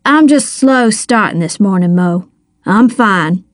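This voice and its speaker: A woman's voice: mid-range voice, animated, slow, dry recording, studio quality. A woman voicing a tired young race car driver. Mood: weary.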